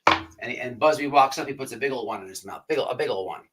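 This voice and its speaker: Over very noisy audio, a man with a mid-range voice talks fast as he hosts his livestream. His story wanders, circles back on itself, and is packed with profanity.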